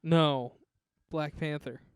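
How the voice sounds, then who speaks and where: A man's voice: fairly high pitch, takes it slowly, clear, resonant tone, no echo. A man co-hosting a casual movie podcast, giving blunt, strongly held opinions. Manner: blunt, opinionated, animated when riled. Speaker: podcast co-host. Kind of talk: casual movie review chat.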